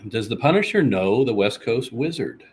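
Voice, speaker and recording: Speaking in a sing-song, mid-range voice with a darkish, breathy edge, a man hosts a casual live-stream chat at normal speed. He reads out viewer comments, responds to them and brags about himself in the third person.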